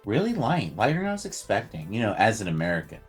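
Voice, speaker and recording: A man co-hosting a podcast in casual chat, halting with many uhs and restarts. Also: fairly low pitch, wildly swooping pitch, breathy edge, faint music behind. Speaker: podcast co-host.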